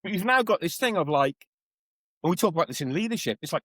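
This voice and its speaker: A man's voice: high-pitched, fast, no echo, low-quality recording. A man guest on a podcast, an educator telling stories in conversational interview style, acting out the voices of people he quotes. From Wales. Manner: animated storyteller, acts out quoted voices.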